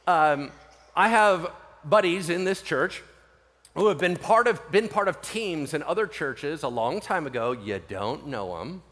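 A man preaching a sermon as pastor, animated and conversational, often acting out what people say. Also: on the high side, a little slow, in a large hall. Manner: animated, conversational, acts out quoted voices.

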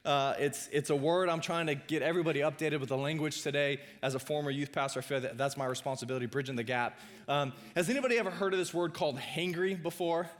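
The pastor's voice sits fairly high as he preaches in a loose, chatty style. Filler sounds punctuate his pauses, and he keeps making quick asides to the people in the pews.

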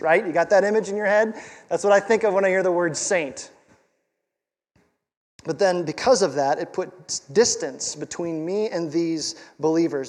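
A man's voice: high-pitched, long reverb tail. A male pastor preaching a sermon in a conversational, emphatic way, with rhetorical questions and repeated words for stress.

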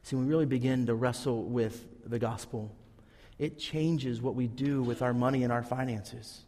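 In this sermon, a male pastor earnestly narrates a Bible story, voicing each character's quotes. He speaks a little slowly at medium pitch with a warm tone, and the sound carries a big-room feel.

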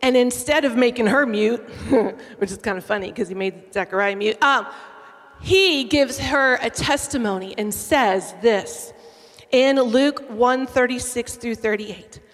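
A woman preaching a sermon and reading scripture aloud with animated emphasis. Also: fairly high pitch, a little slow. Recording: long hall reverb.

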